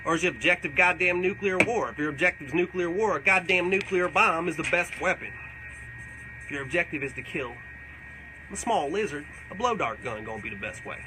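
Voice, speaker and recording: A man's voice: fairly high pitch, expressive, a little fast, noisy background, close to an everyday voice. A man playing a profane, rambling, boastful older backwoods man in a live comedic question-and-answer. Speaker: comedic character.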